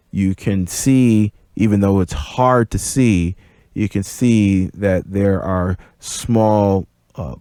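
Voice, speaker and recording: Slow-speaking male game master. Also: deep voice, a little mellow, dry recording, clean studio sound. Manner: measured, descriptive scene-setting with pauses. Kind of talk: narrating a tabletop game.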